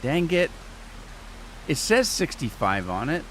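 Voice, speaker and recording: A man's voice: fairly high pitch, big pitch swings, takes it slowly, fairly bright tone, a little hiss or hum. A man hosting a gameplay stream, chatting casually and talking to himself as he plays. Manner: rambling, chatty, talks to himself and chat. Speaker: gaming channel host. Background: rain sounds from the game.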